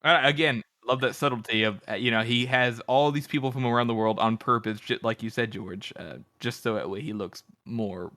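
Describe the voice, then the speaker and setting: A man's voice: medium pitch, steady tone, sharp tone, no room sound, clean studio sound. Giggly profane male podcast co-host. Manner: giggly, profane, halting with fillers. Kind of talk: casual book discussion chat.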